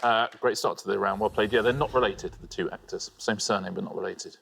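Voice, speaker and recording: A man's voice: lowish voice, brisk, gravelly, noisy background. A man co-hosting a quiz, explaining rules and adding trivia in a dry manner. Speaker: quiz co-host.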